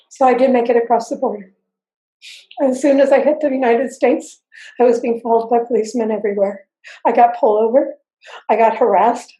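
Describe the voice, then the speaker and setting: A woman's voice: on the high side, dark tone. Earnest older woman in a roomy space. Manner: earnest, intense, halting with repeats. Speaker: interview guest. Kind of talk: personal testimony. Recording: roomy echo.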